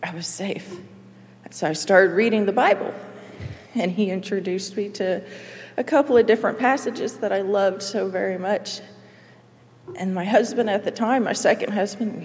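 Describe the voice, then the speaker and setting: A woman shares her faith testimony in an earnest, emotional way, pausing between short halting phrases. Her voice sits in a middle register. A long reverb trails behind her words, as in a large hall. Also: medium pitch, darkish tone. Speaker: testimony speaker.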